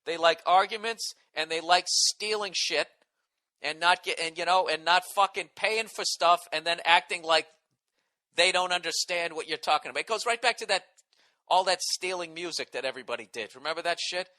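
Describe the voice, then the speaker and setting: A man rants into a close mic in a dry room. His voice sits fairly high, and it has a bright, forceful edge. He is indignant and sarcastic, swearing constantly as he talks to his podcast listeners. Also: moderate pace, no room sound. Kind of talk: profane ranting monologue.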